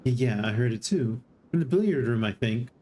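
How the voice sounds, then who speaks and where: A streamer voicing an adult male resort guest who speaks quickly and sounds anxious, in a game read-aloud. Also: mid-range voice, animated, dark tone, slight background noise, lightly acted. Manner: quick and breathless.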